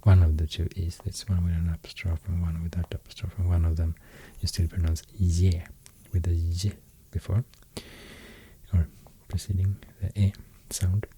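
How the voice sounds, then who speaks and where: A man with a Swedish accent giving a soft-spoken ASMR talk, half-whispering and pausing often with fillers. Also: low voice, level tone, a little hiss or hum. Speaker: ASMR host explaining runes.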